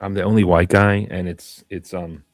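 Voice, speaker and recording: A man who is an actor, chatting casually on a panel, often trailing off into fillers and halting restarts. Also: low voice, little pitch movement, dry recording, soft background music.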